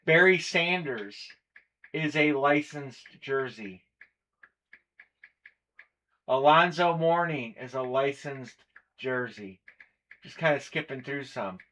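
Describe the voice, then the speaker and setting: A man's voice: medium pitch, lively intonation, takes it slowly, long pauses, sharp tone. A man hosting a live collectibles stream, chatting casually and running through a list of players and teams. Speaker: stream host. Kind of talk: live breaking stream chat.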